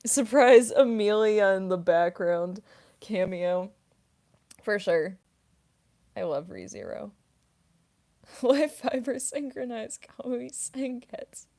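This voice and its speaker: A woman's voice: medium pitch, animated, takes it slowly, long pauses, dark tone. A young woman streamer and voice actress answering chat questions casually, rambling with lots of fillers and giggles.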